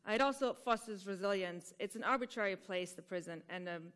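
A woman's voice: medium pitch, fairly quick, a bit bright. A woman teaching improv who explains a game step by step to a conference audience, often checking in with "right?". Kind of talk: conference talk.

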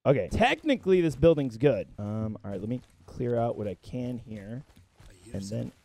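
A young man giving excitable, profane gameplay commentary, breaking into yelps and shouts as he plays. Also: mid-range voice, normal speed. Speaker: gaming content creator.

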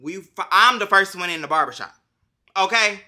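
A man ranting through a storytime vlog, swearing freely and leaning on slang. His voice sits high and sounds very bright and piercing. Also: moderate pace. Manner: profane, dramatic storytelling, heavy slang. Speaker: vlogger. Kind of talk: casual storytime rant.

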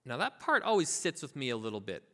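Man, pastor, preaching a sermon, lively storytelling, very expressive pitch, echoing hall. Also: fast talker. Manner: animated storytelling, acting out the parable's voices; informal, filler-heavy asides. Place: church sanctuary.

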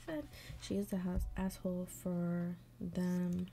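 A woman with a low, gravelly voice and a very dark, mellow tone gives blunt, profane running commentary. She chats casually while doing her makeup, reading stories aloud and dropping into mumbles under her breath. She sounds like the host of an advice show. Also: little pitch movement, slow pace.

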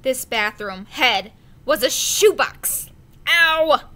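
A woman reading a children's adventure novel aloud, slow and careful, with the odd slip of the tongue. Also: fairly high pitch, sharp tone. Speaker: audiobook reader. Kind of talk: storybook narration.

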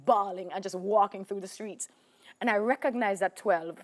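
A woman's voice: mid-range voice, normal speed. A woman with a Jamaican accent, a talk show guest telling her life story with emphatic repetition. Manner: animated storyteller, acts out voices, emphatic repetition.

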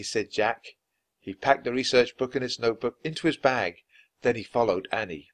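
A man reading a children's storybook aloud for English learners in a clear, steady, measured way. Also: mid-range voice. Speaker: storybook reader.

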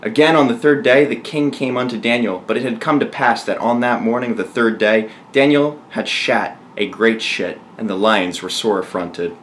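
A man's voice: mid-range voice, normal speed, hardly any pauses, fairly bright tone, a little hiss or hum. A man reading a bawdy mock-biblical tale aloud, chuckling his way through the punchlines. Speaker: storyteller.

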